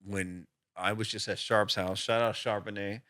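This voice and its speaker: A man co-hosting a podcast in loose, rambling casual chat, with stories that wander through fillers. His voice sits a touch low but has a bright edge. The sound is close and dry. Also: fairly even intonation, normal speed, no echo. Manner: rambling, filler-heavy storytelling. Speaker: podcast co-host.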